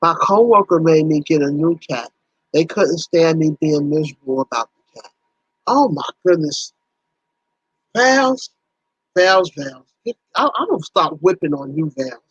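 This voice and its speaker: A woman's voice: low-pitched, expressive, unhurried, slightly rough, no echo, muffled recording. A woman hosting a casual livestream, talking animatedly with viewers, teasing them by name and exclaiming often. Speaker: livestream host.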